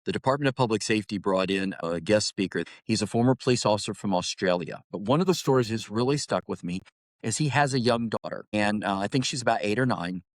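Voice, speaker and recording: A middle-aged man, a retired highway patrol officer, telling stories in a casual interview and often repeating words as he starts a thought. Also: quick pace, no echo, studio quality. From Ohio, United States. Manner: storytelling, animated, repeats words when starting.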